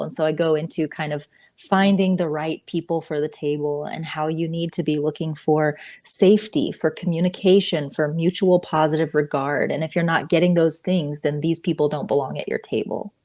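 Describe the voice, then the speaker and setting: A woman guest on an interview, explaining her ideas in a measured, earnest way. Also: deep voice, fairly even intonation, darkish tone. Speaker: author guest. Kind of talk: casual interview chat.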